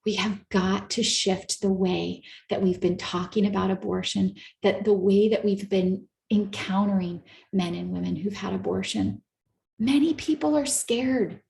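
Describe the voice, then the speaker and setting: A woman therapist giving an earnest, coaching talk to a live audience, slowing down to stress her points. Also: mid-range voice, steady tone, creaky, a little mellow, echoey room. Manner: earnest, coaching, slows down for emphasis. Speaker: therapist and speaker.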